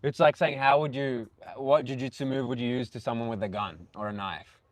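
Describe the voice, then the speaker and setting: A man in casual conversation, calm, reflective and matter-of-fact. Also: mid-range voice, a little fast, no echo.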